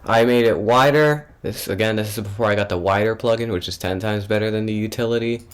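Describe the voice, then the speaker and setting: A man's voice: lowish voice, fast talker, clean tone. Offhand young man explaining his beat. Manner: loose and offhand, with many fillers and restarts. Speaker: music producer. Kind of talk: casual tutorial narration.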